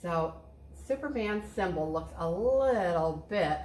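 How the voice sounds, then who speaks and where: A woman's voice: on the low side, animated, slow, darkish tone. A woman art teacher leading a cheerful, step-by-step drawing lesson for children, encouraging them as she goes. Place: art studio. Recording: echoey room.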